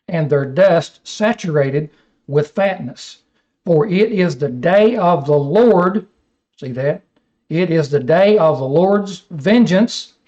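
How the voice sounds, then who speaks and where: A man's voice: a little high, darkish tone. A man teaching a Bible study lecture, reading scripture aloud and then explaining it with rhetorical questions. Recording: dull lo-fi recording.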